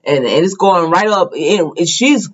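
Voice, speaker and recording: A woman's voice: on the low side, lively intonation, a little slow, muffled recording. A woman casually recapping a soap opera episode in a chatty, gossipy way, full of fillers.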